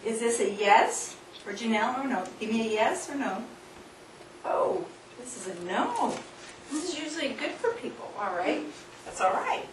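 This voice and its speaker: A woman with a fairly high voice runs a hands-on demonstration in front of an audience, coaxing volunteers and laughing often. She is heard from far off in a roomy, echoing hall. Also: sing-song, moderate pace. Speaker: seminar speaker. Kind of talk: live workshop demonstration. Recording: distant, echoey room recording with noise.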